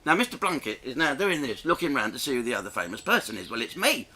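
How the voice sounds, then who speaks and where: Middle-aged guy telling a rude story, voice all over the place, super bright tone. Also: medium pitch, fast talker. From England. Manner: crude, animated, self-mocking, laughs between lines. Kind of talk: storytelling anecdote.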